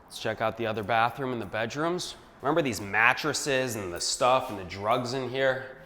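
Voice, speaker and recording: A man's voice: mid-range voice, moderate pace, pushed and bright, in a large hall, slight background noise. A man, a real estate investor, walking through a renovation and talking in punchy, hyped short phrases. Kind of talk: walkthrough vlog. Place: empty house under renovation, indoors.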